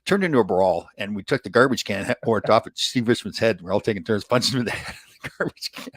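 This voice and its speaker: An older man, a former hockey player, telling animated stories in a casual conversation and laughing often. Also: fairly low pitch, quick pace, slightly rough, no echo. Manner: animated anecdotes, laughs often, mimics others in quotes.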